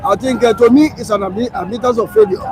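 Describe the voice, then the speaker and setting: Emphatic high-voiced man. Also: fast, over music, crowd noise, low-quality recording. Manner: emphatic, rhetorical questions, many hesitations. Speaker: political commentator guest. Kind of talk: live political talk show discussion.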